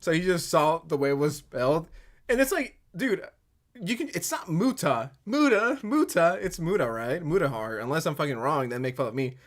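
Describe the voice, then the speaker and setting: Giggly streamer woman, lively pitch. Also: moderate pace. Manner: giggly, swears freely, breaks into laughter. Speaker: streamer reacting to a video. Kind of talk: casual reaction commentary.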